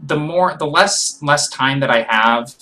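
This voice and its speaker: A man hosts a live question-and-answer session, working through each reply in a relaxed, conversational way. His voice is bright and forward, at an ordinary pitch for a man. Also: a little slow, rough recording. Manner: thinks aloud, loose and conversational. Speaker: host answering viewer questions. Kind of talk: casual live Q&A.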